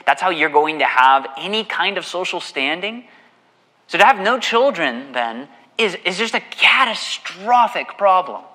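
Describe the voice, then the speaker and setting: A man preaching a sermon as a pastor, talking in an animated way and mocking the people in his story. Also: high-pitched, in a large hall. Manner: animated, mocking voice for quoted husband.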